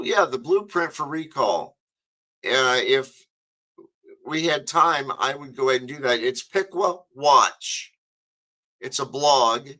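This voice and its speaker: Guy hosting talk radio, rambly and casual, bright voice. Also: fairly high pitch, rough recording. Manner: rambling, chatty, lots of fillers. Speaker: radio show host.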